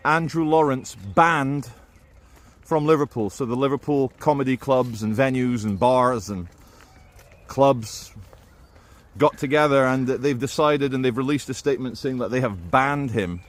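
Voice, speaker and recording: Man, casual vlog commentary, middle pitch, rambling, lots of fillers, dry asides. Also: a little slow. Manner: rambling, stops and restarts, many "uh" fillers. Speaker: vlogger.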